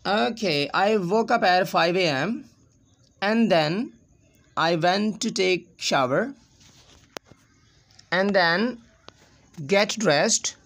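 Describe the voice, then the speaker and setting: A man's voice: sits high, extremely slow, long pauses, fairly bright tone. A man from Pakistan with a Pakistani accent, giving an informal English speaking lesson and patiently repeating example phrases.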